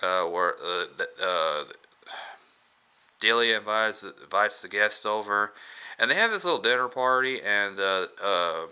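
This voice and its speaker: A man's voice: lowish voice, animated, measured pace, bright, forceful tone, clean tone. A man casually reviewing a movie, rambling with lots of hesitations and restarts and chuckling at his own retelling.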